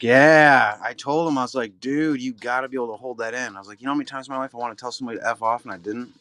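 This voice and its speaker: A man's voice: mid-range voice, very fast, hardly any pauses, a bit bright. A middle-aged man hosting a live card-break stream, chatting loosely and humming little filler sounds between remarks. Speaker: livestream card-break host. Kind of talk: casual live-stream chat.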